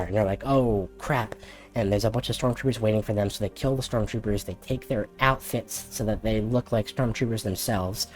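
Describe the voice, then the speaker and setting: A man hosting a casual comedic recap. He rambles through the story with jokes and quick character voices. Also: fairly low pitch, a little mellow. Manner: rambling, jokey, quick impressions. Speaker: host.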